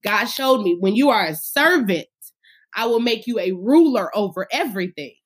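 A woman's voice: mid-range voice, lively intonation, normal speed, husky. A woman in her thirties, a singer talking about her faith and career in a casual podcast interview, speaking with fervor. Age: 30s.

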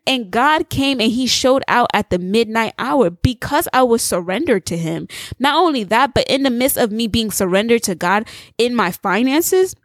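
Woman preacher, testimony sermon, animated storyteller, dry close recording. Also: fairly high pitch, no echo. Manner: animated storytelling, acts out dialogue; addresses listeners directly with rhetorical questions.

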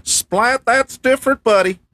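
A man's voice: extremely high pitch, a little slow, bright, forceful tone, slight background noise, pitched above the performer's own voice, full character voice. A man voicing a pious, blustering conservative male janitor who calls everyone buddy, in an improvised comedy bit. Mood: outraged.

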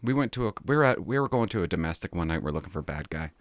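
Middle-aged canadian ex-cop guy, lowish voice that swings up and down a lot, chatty rambling podcast talk, dry close sound. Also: expressive, rapid-fire, no echo. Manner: rambling, confiding, laughs often. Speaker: former police officer. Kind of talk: casual monologue podcast.

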